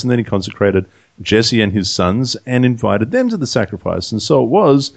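Jokey guy reading bible verses, gravelly voice, bounces up n down. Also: mid-range voice, animated, normal speed, no room sound. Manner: jokey, reads verses aloud, laughs often. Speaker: co-host reading scripture. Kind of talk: casual Bible study chat.

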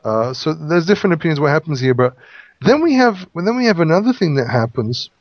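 Male Bible teacher, slightly high voice, casual explanatory study chat, dry close lo-fi sound. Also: very animated, brisk, dry recording. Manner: explanatory, with frequent restarts and fillers. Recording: dull lo-fi audio.

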